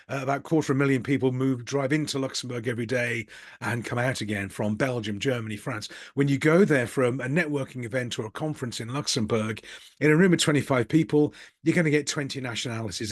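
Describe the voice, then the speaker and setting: A man's voice: medium pitch, no room sound. Dry-voiced middle-aged Birmingham man. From Birmingham, England. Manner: candid, rambling, self-deprecating, with occasional chuckles. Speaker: business coach and channel host. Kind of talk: casual reflective monologue.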